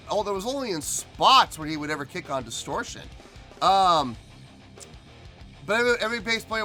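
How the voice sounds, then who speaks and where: Animated, high-voiced male music reviewer. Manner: animated, emphatic, talks straight to viewers. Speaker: music reaction channel host.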